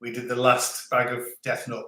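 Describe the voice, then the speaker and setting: A middle-aged man, hosting a livestream and reading out viewer comments in a relaxed, chatty way with frequent laughs. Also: medium pitch, normal speed. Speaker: livestream host. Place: home in rural France. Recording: echoey room.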